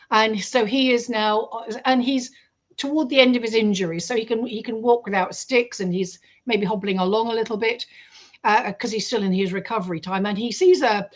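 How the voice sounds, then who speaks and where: Woman telling a vivid story. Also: fairly high pitch. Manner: lively storyteller who acts out quotes. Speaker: guest researcher. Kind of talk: storytelling in an interview.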